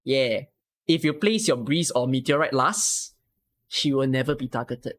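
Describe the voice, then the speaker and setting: A man's voice: medium pitch, a little slow, fairly bright tone. A man, coaching a viewer through a game strategy on a live stream and asking frequent rhetorical questions. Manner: explains patiently with many rhetorical questions.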